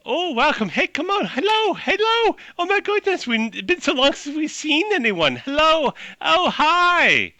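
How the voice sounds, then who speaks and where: A man's voice: very high voice, wildly swooping pitch, unhurried, hardly any pauses, bright, forceful tone, no room sound, muffled recording, pitched above the performer's own voice, exaggerated voice. A man voicing a crowd of giddy, friendly talking mushrooms in a tabletop game, squealing greetings.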